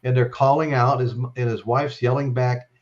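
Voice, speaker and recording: A man's voice: mid-range voice, steady tone, moderate pace, dull audio. A man hosting a live-stream chat, telling stories in a rambling way and ending lines with "okay?". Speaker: host.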